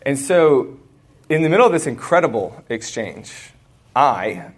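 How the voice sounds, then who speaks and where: A man's voice: mid-range voice, very animated, measured pace, breathy edge. An American man in his thirties, speaking live to students and telling a story in a humorous, conversational way. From United States. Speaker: conference speaker.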